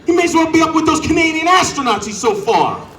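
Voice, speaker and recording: A man's voice: very high voice, very animated, fast talker, a bit bright, reverberant, distant mic. A man doing a stand-up set outdoors, teasing the crowd and acting out characters. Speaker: stand-up comedian. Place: outdoor show on a front lawn. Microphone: corded handheld mic.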